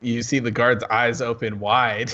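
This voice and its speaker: A man's voice: mid-range voice, level tone, unhurried, bright, forceful tone, highs cut off. A man narrating as game master of a tabletop game, with hesitant, stammering narration.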